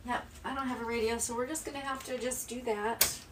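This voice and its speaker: A woman's voice: fairly high pitch, fairly even intonation, a little fast. A woman chatting casually during a live stream while she cleans at home, rambling and talking to herself as she goes. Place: home kitchen, indoors. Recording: distant phone mic with faint background noise. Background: faint nature sounds.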